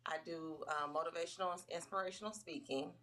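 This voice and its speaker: A woman's voice: lowish voice, fairly even intonation, fast, a bit bright. A middle-aged woman as a guest in a casual interview, easygoing and good-humored, laughing readily. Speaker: guest entrepreneur.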